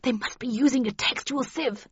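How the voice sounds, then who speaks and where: A woman voicing a stern old woman agent who speaks briskly and grimly. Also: mid-range voice, fairly bright tone, breathy edge, no echo, muffled recording, voice pushed up. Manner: brisk and grim.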